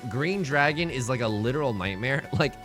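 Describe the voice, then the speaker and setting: A man giving casual live-stream commentary on a game, animated, playful and self-mocking. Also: mid-range voice, moderate pace, faint music behind.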